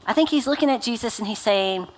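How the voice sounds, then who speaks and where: A woman's voice: a little high, expressive, fast. A woman pastor in her thirties preaching a sermon in a chatty, conversational way, full of filler words. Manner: conversational, uses many fillers like "like" and "right?".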